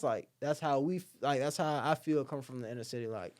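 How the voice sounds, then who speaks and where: A man's voice: mid-range voice, brisk. A young man from Alabama, a podcast guest chatting casually and acting out the people in his stories. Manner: animated storyteller who acts out the people he quotes, heavy use of "like" and "bro". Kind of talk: casual conversation.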